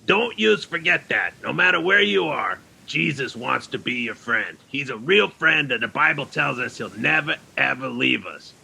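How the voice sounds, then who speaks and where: A man doing Frank, a gravelly castaway. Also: mid-range voice, expressive, normal speed, few pauses, full character voice. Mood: cheerful. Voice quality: gravelly, rough and bright. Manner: chummy, says "yous", talks straight to kids. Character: cheerful lonely castaway man stranded on island. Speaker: children's program character. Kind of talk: kids' ministry skit monologue.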